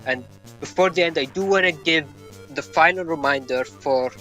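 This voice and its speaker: A man with a bright, higher-pitched voice hosts an online game tournament stream, walking through the match and the bracket. He laughs often as he explains the game mechanics. Faint game music plays underneath. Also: moderate pace. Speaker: tournament player and stream host. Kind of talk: casual esports commentary.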